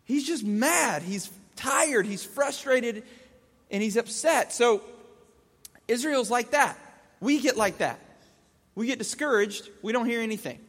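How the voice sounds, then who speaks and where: Man, high voice, casual Bible teaching, rhetorical questions, long hall reverb. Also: animated, a little slow, fairly bright tone. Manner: casual, asks rhetorical questions, restates points in plain words.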